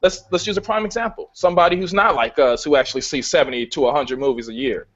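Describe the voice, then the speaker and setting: A man on the high side argues his case about a film, cursing freely and pushing his points hard. The sound is muffled and lo-fi, like a video call. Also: fast. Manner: swears a lot, casual and emphatic. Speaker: film reviewer. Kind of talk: casual debate.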